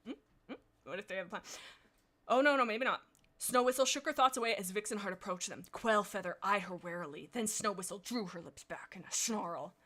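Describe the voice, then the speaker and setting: A woman streamer reading fan fiction aloud, breaking off often for excitable, laughing commentary. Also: mid-range voice, brisk.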